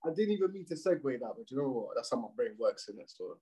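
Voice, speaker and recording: A young man chats on a podcast, his voice dark and a little husky. He talks in loose slang, swears freely and gets animated when he rants. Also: mid-range voice, racing, rough recording. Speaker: podcast co-host. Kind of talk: casual chat.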